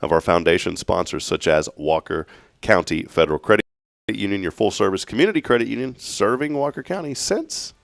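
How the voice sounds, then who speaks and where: A man's voice: lowish voice, animated, brisk, gravelly, dry recording. A man hosting a local morning show, upbeat and joking, laughing often. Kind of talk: casual chat.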